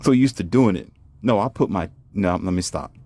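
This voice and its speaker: A man telling a casual, animated and boastful story with many rhetorical questions. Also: sits low, moderate pace. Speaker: vlogger. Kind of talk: casual monologue.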